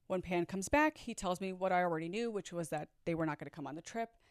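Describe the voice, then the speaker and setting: A woman from Chicago recounts her own story to viewers, chatty and sassy, tossing out asides and laughing often. Her voice sits a little low, and the recording is dry and close with no room sound. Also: quick pace, dry recording. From Chicago, USA. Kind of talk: storytime vlog.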